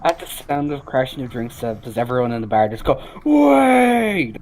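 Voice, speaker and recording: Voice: medium pitch, steady tone, fast, darkish tone, slight background noise. A player at a tabletop game who speaks in a playful, chuckling way. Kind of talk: playing a character at a tabletop game.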